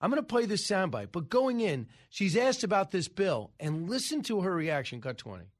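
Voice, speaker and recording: Emphatic high-voiced talk radio host man. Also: very animated, normal speed. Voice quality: emphatic, scoffing, frequent uh fillers. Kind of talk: opinionated political commentary.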